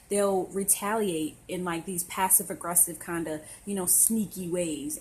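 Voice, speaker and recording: A woman's voice: on the low side, a little mellow, a little hiss or hum, low-quality recording. A young woman, talking to camera in a blunt, sassy, opinionated monologue. She often acts out the people she talks about. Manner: blunt and sassy, with voiced impressions of others. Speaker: astrology vlogger.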